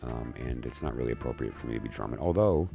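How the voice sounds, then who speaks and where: A man with a very low voice hosts a casual live stream from home, rambling and joking with his viewers. His pitch swings widely as he talks. Faint music plays underneath. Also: animated, fast, creaky, mellow. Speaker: live-stream host doing oracle and tarot readings.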